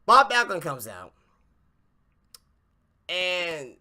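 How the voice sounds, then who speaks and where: A man's voice: a little high, sing-song, measured pace, sharp tone. A man hosting a podcast who gives a casual, profane, exasperated spoken review. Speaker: podcast host. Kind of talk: casual wrestling review rant.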